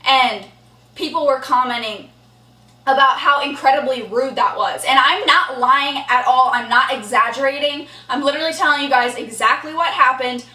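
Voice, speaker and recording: A woman's voice: high voice, normal speed, pushed and bright, recorded from a distance. A young woman vlogging an indignant storytime rant, blunt and swearing freely. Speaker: horse vlogger. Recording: echoey room, voice a bit off-mic.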